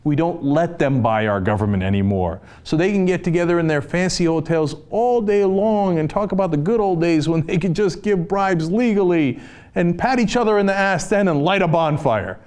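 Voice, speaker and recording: A man's voice: fairly high pitch, lively intonation, normal speed, darkish tone. A man hosting a political commentary show, delivering an impassioned opinion monologue with sarcastic, fired-up ranting.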